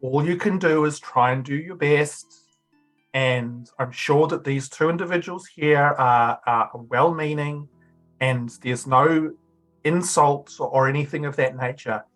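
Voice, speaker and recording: A game master voicing a calm male bugbear who talks slowly to settle a friend down. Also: medium pitch, faint music behind, lightly acted, low-quality recording. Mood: soothing. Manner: slow and placating.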